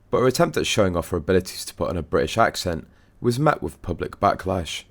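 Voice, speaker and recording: A man reading a scripted news story aloud in a steady, formal manner. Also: sits low. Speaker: news narrator.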